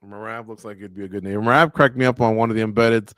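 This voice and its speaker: Animated male sports radio co-host. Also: lowish voice, rapid-fire, dry recording. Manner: animated storytelling, acts out quotes, laughs at own jokes. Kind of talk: casual sports chat. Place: studio.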